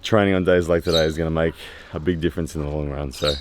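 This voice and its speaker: Background noise surrounds this deep, steady-toned man, a strength training vlogger talking casually post-workout in the training area. He speaks candidly and reflectively, pausing often and using many fillers.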